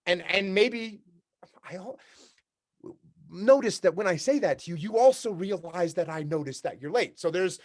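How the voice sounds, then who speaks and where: A man's voice: high-pitched, lively intonation, normal speed. Blunt, direct man giving a keynote. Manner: direct, repetitive, acts out workplace dialogues. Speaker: keynote speaker. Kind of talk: leadership keynote talk. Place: remote talk for a virtual summit.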